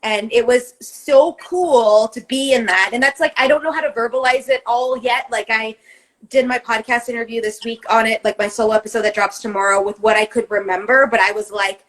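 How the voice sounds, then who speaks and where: High-voiced woman, rambling and emphatic. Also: steady tone, brisk, fairly bright tone, rough recording. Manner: rambling and emphatic, swears often. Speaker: co-host. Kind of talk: casual podcast chat.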